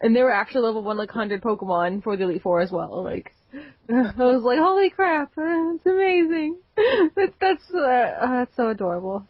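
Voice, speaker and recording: A woman's voice: medium pitch, expressive, a little fast, dry recording. Giggly gushing woman on a dry lo-fi podcast. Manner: gushing, giggly, filler-heavy. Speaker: podcast co-host. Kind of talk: casual podcast chat. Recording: dry, dull lo-fi audio.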